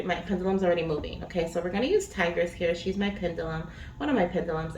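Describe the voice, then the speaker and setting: A woman giving a casual spiritual reading, chatty and rambling with many fillers. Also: lowish voice. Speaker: spiritual reader. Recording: echoey room, distant mic, faint noise.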